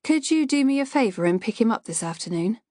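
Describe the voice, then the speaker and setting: An easygoing man asking a favour, chatty and friendly, as a female narrator voices him. The voice stays close to her own, only a little lower, in a dry booth sound. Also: lively intonation, fast, mellow, no room sound, close to an everyday voice. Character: man, sister's husband, casual and friendly.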